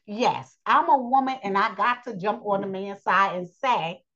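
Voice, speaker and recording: A woman's voice: mid-range voice, a bit bright. Blunt, preachy woman on a dull recording. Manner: blunt and preachy, drawn-out pauses with fillers. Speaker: teacher of a daily lesson. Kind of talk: spoken religious lesson on relationships.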